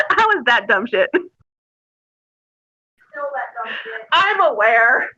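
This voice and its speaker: A woman guest telling animated stories with frequent laughter. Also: on the high side, slow, breathy edge. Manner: animated, laughing, mimics people in her stories. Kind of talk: casual storytelling. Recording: dull lo-fi audio.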